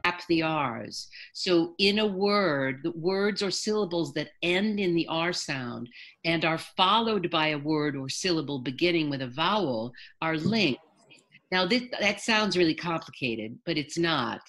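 A woman dialect coach teaching a workshop, demonstrating sounds slowly and deliberately by example. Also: low voice, animated, fairly bright tone.

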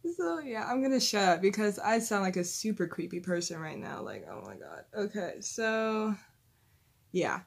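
A woman's voice: mid-range voice, sing-song, moderate pace, gravelly, slightly rough. Young female reaction vlogger, rambling and giggly, chatty fan energy. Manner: gushing, rambling, full of "like" and "you know"; fan talk about a singer, breaking into giggles. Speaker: reaction video host. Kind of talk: casual rambling reaction chat.

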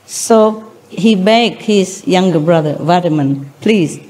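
A woman's voice: on the low side, slow, warm tone, a little hiss or hum. A woman teacher giving a spiritual lecture, retelling religious stories in simple non-native English and chuckling often.

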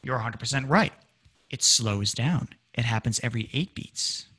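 A man giving a public music lecture, animated and acting out lyrics in dramatic voices for his audience. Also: medium pitch, normal speed, slightly rough. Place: community presentation room.

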